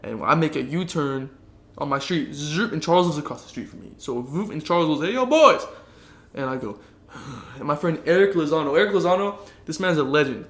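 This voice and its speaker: Animated nineteen-year-old man in an echoey room. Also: on the high side, a little fast. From Southern California. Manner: animated storytelling, swears a lot, does voices of people he quotes. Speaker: podcast co-host. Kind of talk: casual chat.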